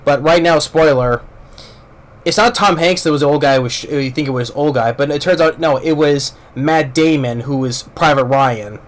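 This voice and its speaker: A man's voice: on the high side, moderate pace, few pauses. A man casually reviewing a film, rambling with many restarts and repeated words, blunt and informal, with casual swearing. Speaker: movie reviewer.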